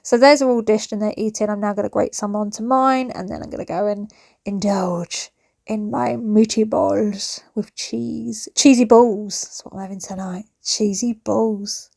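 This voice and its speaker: A woman's voice: medium pitch, moderate pace, vocal fry, darkish tone, dry recording, clean studio sound. A woman, chatting her way through housework in a home vlog, ranting and joking about her day in a family kitchen. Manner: chatty, ranting, self-mocking. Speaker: vlogger. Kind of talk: chatty cleaning vlog narration.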